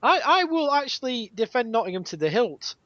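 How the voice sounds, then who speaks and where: A man's voice: extremely high pitch, very animated, brisk, fairly bright tone, no room sound, muffled recording. A man hosting a gaming podcast, chatting casually with jokey, teasing banter. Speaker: podcast host. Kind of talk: casual chat.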